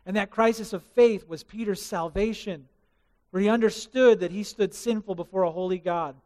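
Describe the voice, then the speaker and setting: A man preaching a sermon as pastor, telling the story in an animated way and asking the congregation questions. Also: high-pitched, normal speed, big-room sound.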